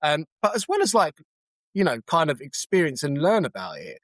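Male tour guide, chatty and polite, fairly high pitch, dry. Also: wildly swooping pitch, moderate pace, a bit bright, no echo. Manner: polite, chatty, explains with examples. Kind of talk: casual interview answers.

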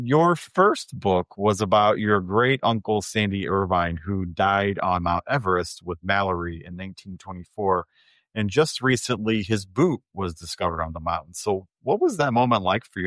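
A man hosting an interview, chatting in a relaxed way and asking questions. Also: fairly low pitch, dry recording. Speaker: interviewer host. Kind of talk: casual interview.

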